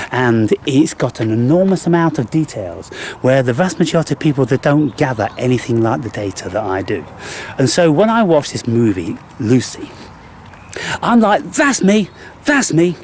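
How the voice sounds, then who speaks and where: A man's voice: medium pitch, a little mellow, slight background noise. A man talking in an unscripted vlog, standing outdoors in a graveyard, rambling and swearing often, with frequent restarts. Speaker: spiritual vlogger.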